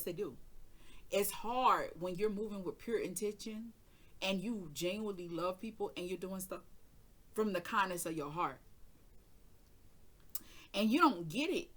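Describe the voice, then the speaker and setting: Woman spilling a story, cussing a lot, plays everybody's lines herself, lowish bright punchy voice. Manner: animated, profane storytelling with acted-out dialogue. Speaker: tarot reader and channel host. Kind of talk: casual storytelling.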